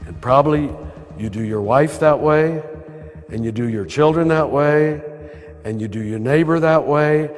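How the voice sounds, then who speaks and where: An older American priest with a throaty voice, giving an earnest, conversational spiritual talk to a live audience. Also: male voice, on the high side, animated, moderate pace. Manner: earnest, conversational, chuckling now and then. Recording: live talk with long hall reverb and soft music behind. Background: soft lo-fi music.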